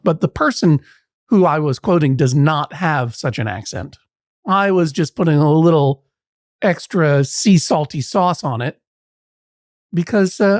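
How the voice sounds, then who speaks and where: A man's voice: a little high, no room sound, clean studio sound. A man hosting a comic mock courtroom show, wry and playful with rambling asides. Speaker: podcast judge host.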